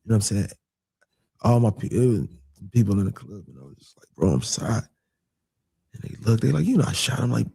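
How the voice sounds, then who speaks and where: A man casually telling a personal story, animated and repeating phrases as he acts out what people said. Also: on the low side, fast, gravelly, slightly rough, no room sound.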